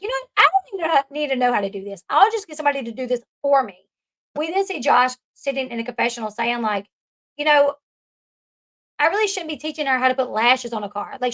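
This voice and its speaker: A woman's voice: on the high side, a bit bright. A woman talks through a reality show episode. She chats casually and keeps laughing at the bits she finds funny. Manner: chatty, laughs at the scenes she retells. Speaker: commentary host.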